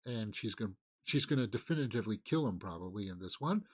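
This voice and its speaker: A man's voice: fairly low pitch, animated, fast, breathy edge. A man hosting a casual movie news channel, talking off the cuff with many fillers, restarts, sighs and chuckles.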